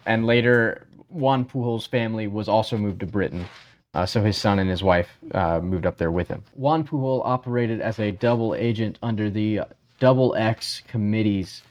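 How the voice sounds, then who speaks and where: A man's voice: fairly low pitch, moderate pace, a little mellow. A man co-hosting a podcast, casually telling a history story with many fillers and frequent yeahs.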